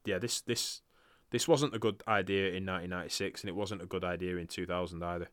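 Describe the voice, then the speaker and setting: A man's voice: low voice, fairly even intonation, quick pace, fairly bright tone, smooth, dry recording, studio quality. A man hosting a podcast in casual chat, swearing freely and laughing often. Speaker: podcast host. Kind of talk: casual chat, reviewing wrestling results.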